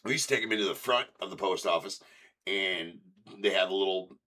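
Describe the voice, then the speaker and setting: A man's voice: low voice, fairly quick, sharp tone. A man hosting a card break stream, chatting casually and rambling, acting out past arguments in a raised voice. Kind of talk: casual livestream chat.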